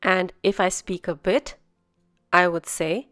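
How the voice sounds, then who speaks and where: Slow, careful woman teaching phrases. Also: on the low side, steady tone, fairly bright tone, faint music behind. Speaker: language teacher. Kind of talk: scripted language lesson narration.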